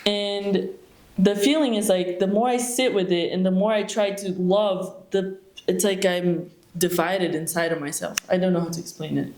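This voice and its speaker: A woman's voice: mid-range voice, steady tone, moderate pace, a little mellow. A young woman at a retreat asking a question into a handheld microphone, hesitant and searching for words with many fillers and restarts. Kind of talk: question at a monastery Q&A. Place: meditation hall at a retreat. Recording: echoey hall.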